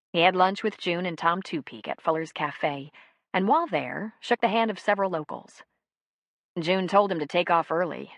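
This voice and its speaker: A woman narrating an audiobook with steady, even storytelling. Her voice sits low. The recording is close and dry, with no room sound. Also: gravelly, dry recording.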